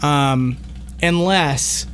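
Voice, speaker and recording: A man's voice: on the high side, drawn-out words, fairly bright tone, slight background noise. A young man from Boston with a light Boston accent, hosting a casual livestream, reading out donations and chatting. He laughs easily and often restarts his sentences. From Boston, USA. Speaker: livestream host.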